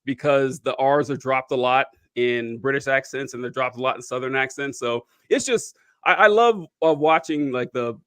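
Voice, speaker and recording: A male podcast host talks in a middle-pitched voice, animated and chatty, tossing in quick asides as he goes. His sound is close and dry, with no echo around it. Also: clear, resonant tone. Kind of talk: casual podcast conversation.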